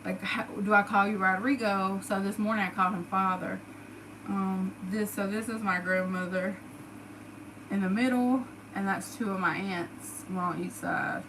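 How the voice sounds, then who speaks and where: A woman's voice: mid-range voice, fairly even intonation, moderate pace, background noise. A woman with a Southern US accent chatting to her followers, emotional and full of fillers. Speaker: vlogger. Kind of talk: casual storytelling to followers.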